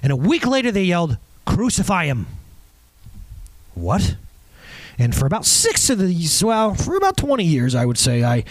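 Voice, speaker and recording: Animated, lively-pitched male pastor. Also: moderate pace, no echo. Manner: animated, off-the-cuff, many restarts and asides. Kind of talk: conversational sermon.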